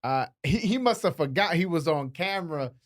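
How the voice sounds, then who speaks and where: A man's voice: fairly high pitch, normal speed. A man hosting a podcast interview, asking questions and adding short backchannel responses. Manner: brief backchannels, animated questions. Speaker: podcast host. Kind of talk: casual interview chat.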